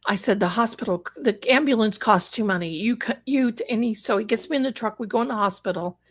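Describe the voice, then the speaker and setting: A middle-aged woman talks fast in a slightly high voice as she tells her personal story on a live stream. She's the psychic guest, and she emotionally performs the voices of the people she describes.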